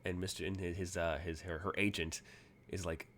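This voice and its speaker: A man's voice: low voice, flat delivery, moderate pace, a bit bright, slight background noise. A man narrating as game master in a tabletop game, casual and full of fillers.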